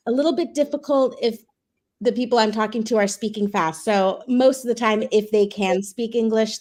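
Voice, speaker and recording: A woman in her thirties, a guest on a show, telling stories in a chatty, animated way. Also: a little high. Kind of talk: casual interview chat.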